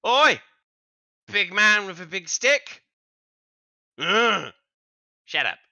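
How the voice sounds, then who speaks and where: A man voicing a big, bickering winged warrior, gruff and exasperated. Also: high voice, very animated, drawn-out words, bright, forceful tone, voice pushed up, full character voice.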